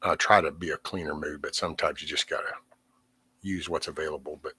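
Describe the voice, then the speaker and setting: Speaking in a bass voice with fairly even intonation, a middle-aged man vents on his home livestream at a brisk clip. The tone is bright and forceful with a breathy edge, and he rambles, curses frequently, and trails off.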